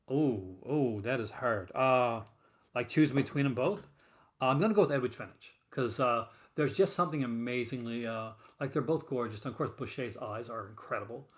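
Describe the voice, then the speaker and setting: A man hosting a casual stream, rambling and full of fillers and restarts as he chats with viewers. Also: mid-range voice. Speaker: host of a horror film collecting show. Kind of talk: casual live-stream chat.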